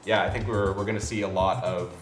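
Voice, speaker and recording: A man, an indie game developer, co-hosting a casual chat and explaining things at a relaxed pace with lots of fillers. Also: deep voice, quick pace. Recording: roomy sound with faint music.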